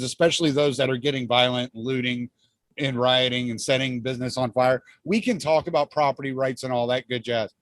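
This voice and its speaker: A man's voice: mid-range voice, dry recording. A man hosting a podcast, talking in a rambling, easygoing way with frequent laughs. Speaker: podcast host. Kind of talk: casual podcast chat.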